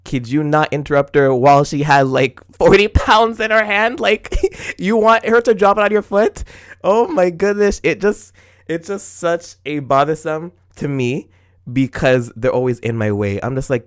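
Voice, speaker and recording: Animated young man ranting on a podcast. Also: on the high side, moderate pace, clean tone. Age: 20s. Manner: animated and exclamatory, with frequent laughs; acts out his own retorts in quoted asides. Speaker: podcast host. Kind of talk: casual solo rant.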